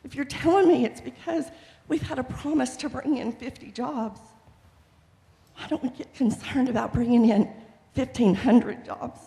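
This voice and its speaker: A middle-aged woman addresses the city council with an impassioned plea during public comment, the chamber adding reverb. Her high voice is creaky and dark, delivered at normal speed.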